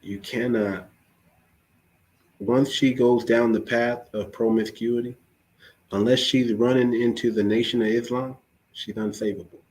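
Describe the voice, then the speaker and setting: A man hosts a podcast in casual but preachy talk, exhorting listeners and hammering each point with repeated phrases. His voice is medium-pitched and darkish, delivered steadily and a little slowly.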